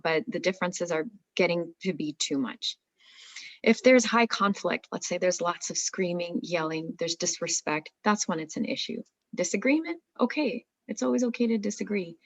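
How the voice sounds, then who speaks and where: A woman's voice: fairly low pitch, dry recording, lo-fi sound. A woman therapist giving an earnest talk on marriage, explaining with many rhetorical questions.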